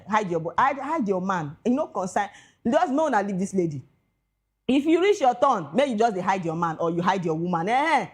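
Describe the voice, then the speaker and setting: A young Nigerian woman with a Nigerian accent hosts an entertainment gossip segment in a slightly high voice. She talks casually and excitably, slipping between pidgin and English. Her pitch and loudness swing widely from bursts to quiet asides. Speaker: entertainment news host. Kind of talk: casual celebrity gossip commentary.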